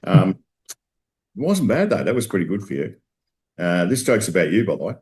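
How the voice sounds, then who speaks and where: A man's voice: sits low, big pitch swings, moderate pace, a little mellow. An Australian man hosting a local football show, chatting casually and telling rambling pub jokes. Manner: jokey, tells rambling pub jokes with a laugh. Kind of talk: casual pre-game banter.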